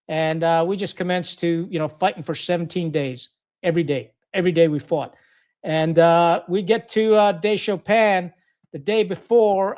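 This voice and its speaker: A middle-aged retired Marine officer from Pakistan is a guest on a podcast, telling war stories in casual conversation. He's blunt and profane, with lots of fillers and restarts. His voice is high and a little mellow.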